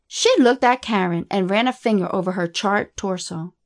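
A woman narrating a horror story in a steady, even storytelling delivery. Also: mid-range voice, normal speed, few pauses.

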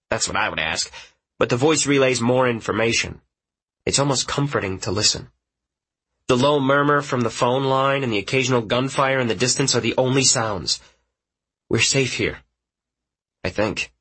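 Male narrator for a first-person audiobook; mid-pitched, husky, measured and quiet. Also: low-quality recording.

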